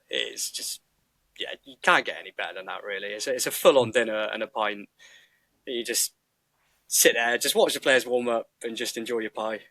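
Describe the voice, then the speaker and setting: A man's voice: lowish voice, sharp tone, dry recording. Easygoing man in a dry room. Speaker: podcast guest, football fan. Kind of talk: casual chat.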